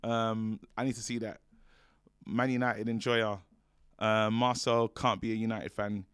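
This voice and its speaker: A man's voice: fairly low pitch, level tone, a little slow, fairly bright tone, clear, resonant tone, dry recording, studio quality. A man co-hosting a football fan show, reading viewer comments in a jokey, stumbling way with many fillers. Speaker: fan channel co-host.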